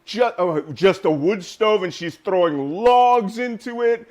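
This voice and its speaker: A man guest in a casual interview, telling lively stories and laughing often. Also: high-pitched, unhurried. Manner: animated storyteller, laughs often.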